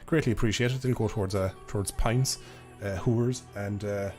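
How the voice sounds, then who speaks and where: A man's voice: fairly low pitch, fairly even intonation, normal speed, darkish tone, soft background music. A young Irish man chatting casually on a live stream, rambling, laughing and swearing offhandedly into a desk microphone.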